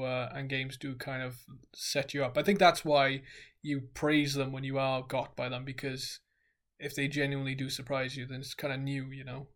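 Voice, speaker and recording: Animated man telling stories. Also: mid-range voice. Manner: animated storyteller, acts out sounds. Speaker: podcast co-host. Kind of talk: casual chat.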